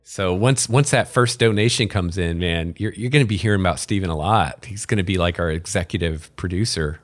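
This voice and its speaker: Low-voiced chatty male podcast host. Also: brisk, no echo. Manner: relaxed, chatty, frequent fillers and light sarcasm. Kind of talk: casual chat.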